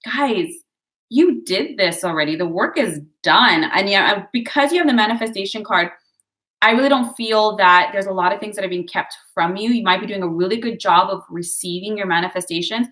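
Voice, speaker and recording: A woman reads tarot for her viewers in a loose, conversational way. Her voice is bright and crisp, and she keeps cheering them on, calling them guys and drifting into little asides. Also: mid-range voice, brisk. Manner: chatty, digressive, encouraging, addresses viewers as guys. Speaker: tarot and astrology reader. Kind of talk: casual horoscope reading to camera.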